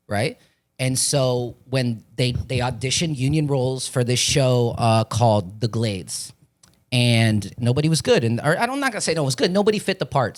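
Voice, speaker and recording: A young man from Florida, an actor, telling rambling, profane stories in a casual chat and acting out the voices of the people in them. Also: medium pitch. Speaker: podcast guest, actor.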